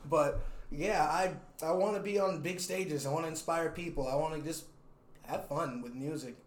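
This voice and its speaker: A young rapper and videographer, a guest in a casual interview, chats in a laid-back way, cursing freely and laughing a lot. His voice runs on the high side at a moderate pace, and the roomy, echoing recording carries a little hiss or hum.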